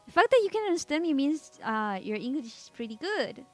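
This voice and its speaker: A woman's voice: sits high, sing-song, brisk, no room sound, soft background music. A woman whose first language is Spanish, chatting casually with viewers while she draws on a live stream, rambling and giggling. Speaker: artist streaming a drawing session.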